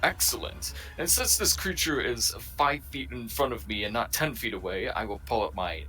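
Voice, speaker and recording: A man casually playing a tabletop game, chatty and quick to laugh. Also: mid-range voice, pushed and bright, faint music behind. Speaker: player.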